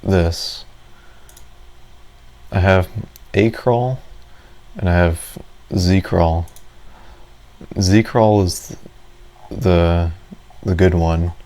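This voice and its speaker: Man, deep voice, unhurried, rambling gameplay commentary, self-deprecating. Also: a little mellow. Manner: rambling and self-deprecating, with frequent fillers and laughs. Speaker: gaming video creator.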